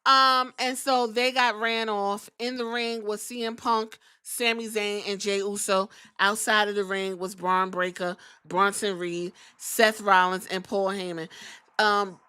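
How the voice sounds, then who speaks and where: A young adult woman hosting a podcast, giving a casual, profane, animated wrestling recap and acting out quotes. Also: medium pitch, measured pace, smooth, no room sound. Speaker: podcast host.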